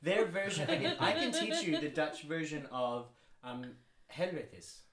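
A woman co-hosting a podcast in casual chat, loud and animated as she tells stories. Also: low voice, measured pace, crowd noise. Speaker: podcast co-host. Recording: roomy studio echo.

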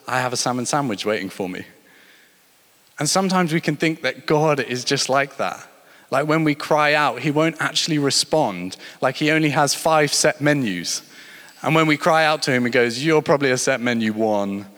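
In a long, reverberant hall, a man with a medium-pitched, somewhat bright voice preaches at a moderate pace. His sermon is built on stories, with emphasis that rises and falls toward strong points.

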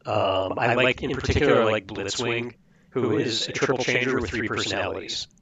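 A man's voice: mid-range voice, brisk, fairly bright tone. A man co-hosting a casual podcast chat, giving detailed, opinionated reviews. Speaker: podcast co-host.

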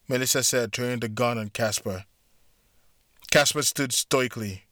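A man narrating a story in a deliberate, steady way. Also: medium pitch, no room sound. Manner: slow, deliberate. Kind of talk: scripted narration.

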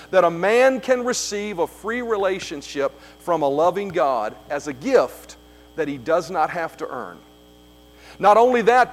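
A man preaching a sermon as pastor, emphatic, repeating key phrases, with frequent fillers. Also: high-pitched.

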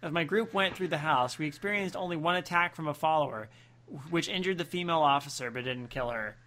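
A man's voice: a little high, fast talker, sharp tone. A man co-hosting a comedy podcast, reading a story and making jokey asides. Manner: jokey asides, bursts of laughter.

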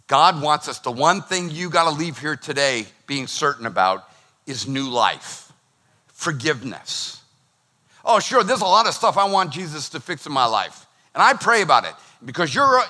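A man preaching with a bright, forceful voice that sits a little high. He talks in a lively, conversational way and cracks jokes between points. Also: moderate pace. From Boston. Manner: energetic, conversational, joking preacher. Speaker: pastor. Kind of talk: sermon.

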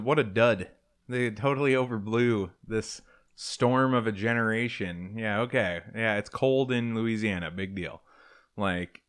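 Smooth-voiced man swearing through a story. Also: lowish voice, fairly bright tone. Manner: loose, profane anecdote-telling. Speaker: co-host. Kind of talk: casual storytelling chat.

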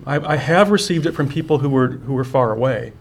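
A man's voice: mid-range voice, a little fast, vocal fry, slight background noise. A man co-hosting who adds a follow-up question in a conversational way, with some dry joking. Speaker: podcast co-host.

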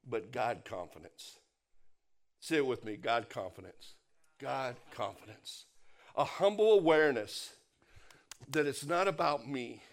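A man preaching a sermon, emphatic, repeating key phrases and dropping his voice low on the punch lines. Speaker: pastor.

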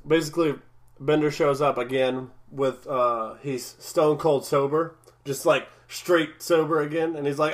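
A man in casual podcast chat, rambling through his points with lots of restarts and easy laughter. His voice sits a little high for a man. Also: unhurried, a bit bright. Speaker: podcast co-host. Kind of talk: casual episode recap chat.

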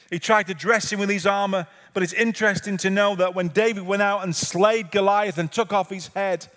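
High-voiced male pastor preaching in a church. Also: fairly bright tone. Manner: earnest, repetitive preaching with rhetorical questions. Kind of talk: sermon. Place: church sanctuary. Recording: reverberant church hall.

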